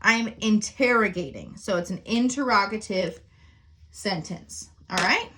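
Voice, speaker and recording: A woman's voice: medium pitch, a little slow, a bit bright. A woman teacher explaining sentence types in a recorded lesson, often checking in with "okay?" and "right?".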